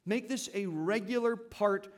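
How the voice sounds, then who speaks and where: High-voiced man preaching a sermon. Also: a little slow. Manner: conversational, asks the congregation questions. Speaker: pastor. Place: church.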